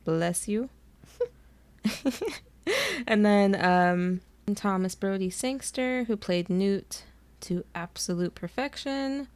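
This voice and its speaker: Gravelly, giggly young woman co-host. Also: mid-range voice, slow pace, long pauses, a little mellow. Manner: gushing fangirl, laughs often. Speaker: podcast co-host. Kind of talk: casual chat.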